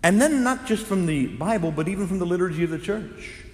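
A man's voice: high voice, expressive, fairly quick. A man, a Catholic priest, preaching a sermon with fervent, impassioned delivery. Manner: impassioned preaching, rising to loud fervent exclamations. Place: large echoing church. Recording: roomy hall reverb.

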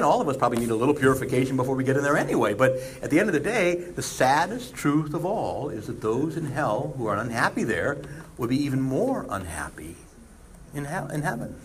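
Male priest, sermon talk, animated, chatty asides, lively pitch, faint background hiss. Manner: conversational, animated preaching with asides. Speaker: Catholic priest.

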